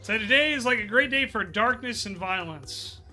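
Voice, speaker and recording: A man's voice: high voice, animated, moderate pace, bright, forceful tone, soft background music. A man who is a Twitch streamer, chatting casually and bluntly while he plays a game. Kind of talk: casual gameplay commentary.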